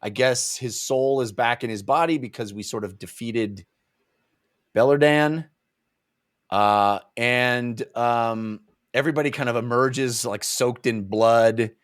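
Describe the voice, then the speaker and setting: A man's voice: medium pitch, slow pace. A man co-hosting a podcast, animatedly recapping chapters in a casual book club chat. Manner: animated recapping, acting out lines. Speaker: podcast co-host.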